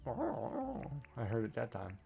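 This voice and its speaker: Gravelly-voiced guy rambling on stream while he plays, soft music underneath. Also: mid-range voice, huge pitch swings, slow pace. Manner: rambling, asks "right?" often. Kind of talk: casual chat while gaming.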